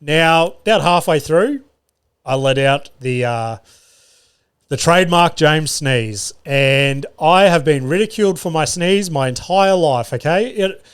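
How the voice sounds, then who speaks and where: Swearing Australian comedian telling stories. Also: male voice, on the high side, smooth. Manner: chatty, swears freely, self-mocking. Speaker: comedian and podcast host. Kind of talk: casual solo podcast storytelling. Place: podcast studio.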